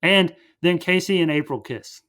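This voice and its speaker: A man's voice: a little high, moderate pace, fairly bright tone. A man hosting a podcast, casually recapping a movie in a rambling way full of fillers. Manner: rambling, filler-heavy retelling. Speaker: podcast host.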